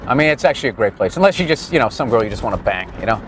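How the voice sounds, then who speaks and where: Crude, animated man riffing on a street. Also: medium pitch, racing, a little hiss or hum, low-quality recording. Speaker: vlogger. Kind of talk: profane comedic ramble while riding down a street. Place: outdoors on a city street, moving.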